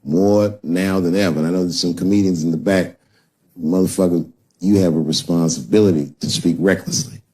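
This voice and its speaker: A man's voice: low-pitched, fairly even intonation, brisk, mellow, slightly rough. A middle-aged man performing a profane stand-up comedy set on stage, telling stories and acting out other people's voices. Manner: profane storytelling, acts out voices. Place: stage before a live audience. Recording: live show with audience noise.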